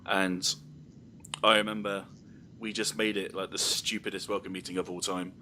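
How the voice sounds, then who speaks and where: A man's voice: deep voice, level tone, moderate pace, sharp tone, slight background noise. A young man hosting a podcast, telling rambling anecdotes in casual chat with lots of ums. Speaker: podcast host.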